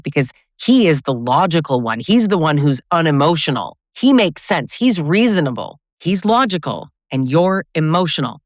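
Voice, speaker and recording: A woman's voice: low-pitched, no echo, studio quality. A woman relationship coach giving direct-to-camera advice, emphatic and full of pointed rhetorical questions.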